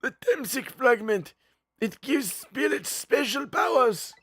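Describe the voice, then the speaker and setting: A cold, scheming game villain, voiced by a man speaks slowly in a strikingly high register. Every word is formal and measured, and the sound is dry and close. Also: expressive, a bit bright, breathy edge, no room sound, faint music behind, exaggerated voice.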